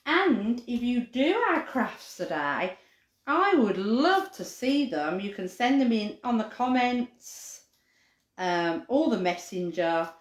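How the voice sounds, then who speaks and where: Speaking slowly in a slightly high voice, a woman presents a children's craft lesson live, the sound roomy around her. She keeps things cheerful and chatty, occasionally barking like a dog for fun.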